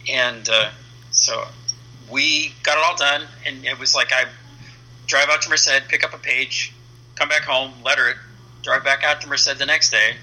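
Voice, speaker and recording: A man in his fifties who letters comic books guests on an interview and tells a casual story, performing the dialogue in a lively way. His mid-range voice is husky, heard in a low-quality recording.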